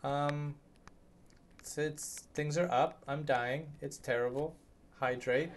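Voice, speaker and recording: A man's voice: on the high side, steady tone, slow pace, a little hiss or hum. A young man streaming a horror game, chatting nervously and jokingly with his viewers at a desk microphone in a home room. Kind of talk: live gameplay commentary.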